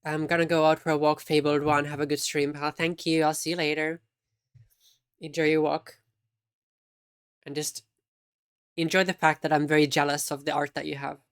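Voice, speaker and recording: Streamer, mid pitch, easygoing chat with viewers, teasing. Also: little pitch movement, brisk, a bit bright, clear, resonant tone, no room sound, studio quality. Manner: chatty, teasing, reacting to chat. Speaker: live streamer.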